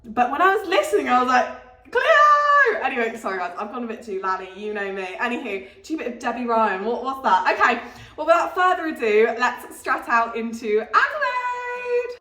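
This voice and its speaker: Young woman, giggly travel vlogger, bright high voice. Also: very animated, fast talker, roomy sound. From Britain. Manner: bubbly, rambling, giggly. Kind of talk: casual vlog chat and scripted travel narration.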